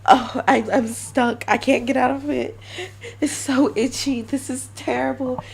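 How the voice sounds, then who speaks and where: A woman's voice: high-pitched, fairly even intonation, unhurried, vocal fry, husky, voice pushed up, exaggerated voice. A woman voicing a clingy young lizard girl in a monster-girl role-play. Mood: whiny. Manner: pleading, then demanding.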